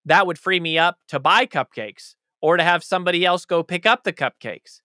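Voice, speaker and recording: Bright, passionate man, dry clear sound. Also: sits high, moderate pace, no room sound. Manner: passionate and emphatic. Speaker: author and interview guest. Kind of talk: conversational interview answers.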